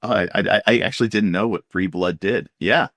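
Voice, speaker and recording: Casting: low-pitched male game master, loose and rambling, dry close sound. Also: a little fast, fairly bright tone, no room sound. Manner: rambling, many fillers and restarts. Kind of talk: casual tabletop game chat.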